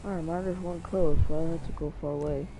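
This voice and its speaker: High-voiced man yelling at a game. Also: quick pace, background noise. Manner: excitable, mutters and curses at the game. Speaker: gamer. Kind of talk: solo gameplay commentary.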